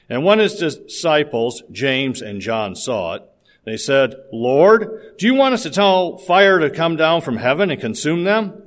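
Man reading scripture in a measured way. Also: fairly high pitch. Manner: measured and formal. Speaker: scripture reader. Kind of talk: liturgical Bible reading.

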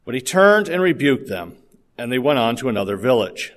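A man reading a Gospel passage aloud in a formal, measured liturgical style. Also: medium pitch, sing-song. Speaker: scripture reader.

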